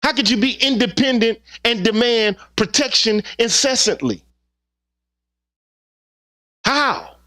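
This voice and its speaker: A man's voice: very high-pitched, animated, slow pace, long pauses, sharp tone. A man hosting his own channel, delivering a heated opinion monologue with profanity and repeated rhetorical questions. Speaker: channel host.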